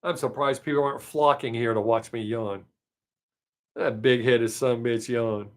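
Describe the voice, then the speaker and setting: A man's voice: medium pitch, steady tone, moderate pace. A man hosting his own live stream, chatting with viewers in a rambling, joking, self-mocking way.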